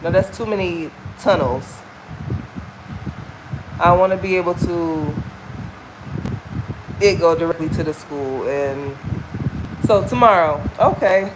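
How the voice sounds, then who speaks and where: A woman's voice: lowish voice, slow pace, long pauses, background noise. A woman from the American South with a Southern accent, talking candidly and folksily in a casual walking vlog. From Southern United States. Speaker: vlogger. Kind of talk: casual chat while walking. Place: outdoors on a walk.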